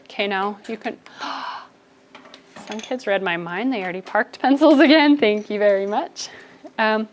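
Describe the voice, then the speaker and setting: A woman teaching a first grade spelling lesson, giving brisk, encouraging instructions to her class. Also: medium pitch, a little hiss or hum.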